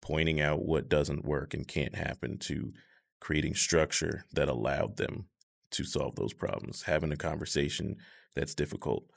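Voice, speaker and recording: Deep, gravelly man in his thirties. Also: level tone. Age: 30s. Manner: measured and reflective, with many fillers. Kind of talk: casual conversation.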